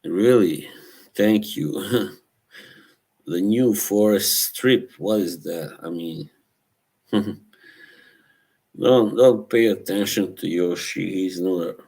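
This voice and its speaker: Deep, mellow and husky, this streamer speaks slowly with frequent pauses. He chats loosely with his live audience, responding to their messages, laughing often and poking fun.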